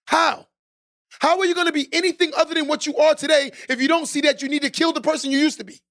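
Very high-voiced man preaching motivation. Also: fast. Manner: emphatic and preachy, repeats key lines for stress; builds to shouted exhortations. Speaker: podcast host. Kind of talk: motivational podcast monologue.

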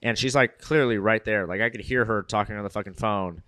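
A man's voice: lowish voice, a little fast, bright, forceful tone, no echo, clean studio sound. A man telling a rambling story on a casual comedy podcast, peppered with "like" and swearing.

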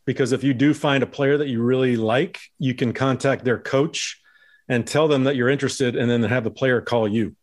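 Man, ex-ballplayer, podcast co-host, relaxed, teasing, casual chat. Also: mid-range voice, moderate pace. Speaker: former pro baseball player and podcast co-host.

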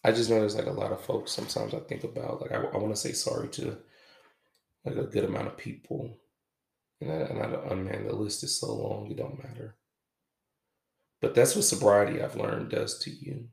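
Male podcast host, deep and very gravelly, halting and reflective, echoey room. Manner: halting, reflective, casual with swearing. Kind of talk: confessional podcast monologue.

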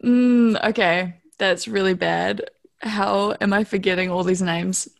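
A woman's voice: medium pitch, steady tone, measured pace, creaky. Laughing young New Zealand woman. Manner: laughs often, trails off searching for words. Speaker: podcast guest, long-distance hiker. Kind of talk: casual interview chat.

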